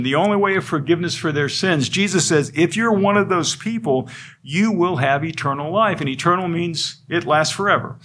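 A man's voice: on the high side, fairly bright tone, husky. A man preaching an expository sermon, earnest and emphatic, driving points home through repetition. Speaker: pastor.

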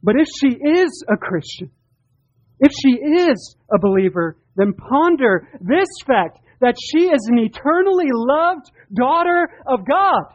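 A man's voice: very high-pitched, very animated, measured pace, dry recording. A man preaching a sermon, earnest and emphatic, often repeating his words as he presses a point. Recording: dull, dry lo-fi sound.

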